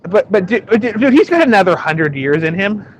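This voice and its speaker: A man chatting casually with friends as co-host, excitable and quick to laugh. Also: sits high. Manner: excitable, laughs often, does silly voices. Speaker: podcast co-host. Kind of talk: casual group chat.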